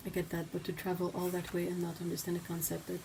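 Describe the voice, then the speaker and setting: A woman hosts a casual livestream, her voice sitting a little low. She chats freely and reads viewer comments out loud between her own remarks. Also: monotone, fast, background noise. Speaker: livestream host.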